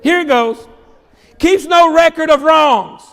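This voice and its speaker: A male pastor preaching a sermon to his congregation, repeating phrases, shouting out points and joking with the crowd. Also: very high-pitched, slow pace, vocal fry, in a large hall. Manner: preaching with shouts, repetitions and humor. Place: church sanctuary.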